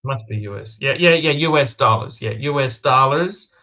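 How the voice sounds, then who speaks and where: A man's voice: medium pitch, lively intonation, moderate pace, pushed and bright, lo-fi sound. A man hosting a casual livestream, chatty and enthusiastic, swearing freely as he talks. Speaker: livestream host.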